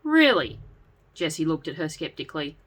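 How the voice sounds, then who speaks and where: A woman reading a serialized story aloud with an expressive delivery. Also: lowish voice, normal speed. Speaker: narrator. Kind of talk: storybook narration.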